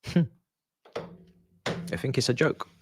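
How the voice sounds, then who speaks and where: A man's voice: slow pace, no echo, studio quality, faint music behind. A man hosting a live football watch-along, ranting in frustration and dropping into muttered asides. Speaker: live stream host.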